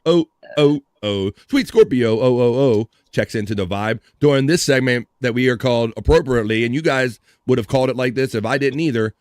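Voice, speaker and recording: A man's voice: medium pitch, no echo, studio quality. A man hosting a livestream, chatting casually and crudely while reacting to clips and reading viewer comments aloud. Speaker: livestream host.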